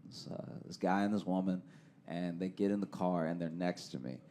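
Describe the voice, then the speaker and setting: A man's voice: deep voice, moderate pace, a little hiss or hum. A man co-hosting a comedy podcast, telling a story to a live audience and laughing as he goes. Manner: animated storyteller, laughs through his story. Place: live stage venue.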